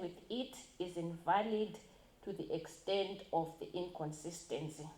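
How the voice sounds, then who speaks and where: A woman's voice: fairly low pitch, a little slow, darkish tone. A woman giving a conference talk, reading a constitution aloud and stressing key words. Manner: emphatic, stresses key words, mixes in Shona phrases. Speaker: conference speaker. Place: university conference hall. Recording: echoey hall.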